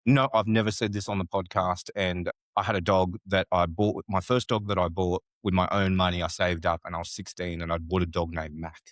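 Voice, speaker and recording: A man's voice: low-pitched, level tone, a bit bright, no echo, studio quality. An Australian man in his thirties hosting a podcast interview, effusive and enthusiastic in casual chat. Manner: enthusiastic, effusive, quick to gush. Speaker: podcast host.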